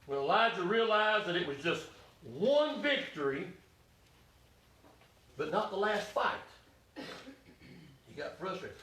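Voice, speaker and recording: High-voiced preacher in echoey church. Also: male voice, animated, unhurried, long pauses, far from the mic. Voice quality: folksy, emphatic. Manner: voices Elijah's complaints in first person, rising to shouts. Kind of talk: sermon.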